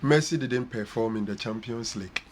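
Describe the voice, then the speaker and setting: A man's voice: medium pitch, moderate pace, background noise. A man with a Ghanaian accent, a sports pundit arguing football in a studio debate, switching between English and Twi. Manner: mixes English and Twi, argumentative.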